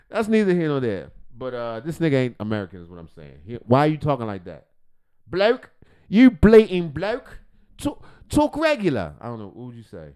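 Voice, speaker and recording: A man's voice: medium pitch, sing-song, quick pace, clear, resonant tone. A man hosting a livestream, reacting to videos with rambling, profane, joking commentary. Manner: profane, rambling, jokey, loud swings in volume.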